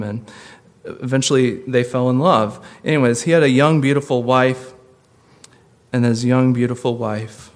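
A man preaching a sermon, earnest, slowing and softening for tender points and rising to emphatic peaks. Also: lowish voice. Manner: drops soft and slow for tender points. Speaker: pastor.

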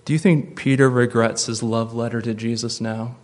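A man preaching a sermon, earnest, slowing and softening for tender points and rising to emphatic peaks. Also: medium pitch, steady tone. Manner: drops soft and slow for tender points. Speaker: pastor.

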